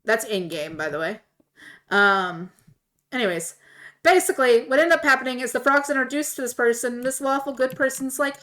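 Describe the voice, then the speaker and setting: Animated woman streamer telling a story. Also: high-pitched, a little fast. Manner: animated, laughing, voices quoted characters. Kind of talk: casual storytelling while gaming.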